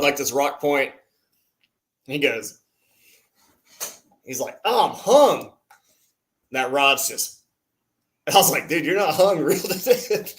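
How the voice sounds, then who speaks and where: A man's voice: fairly high pitch, fairly bright tone. A man co-hosting a casual talk stream, telling a story with lots of laughs and acted-out quotes. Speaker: co-host. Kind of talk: casual chat.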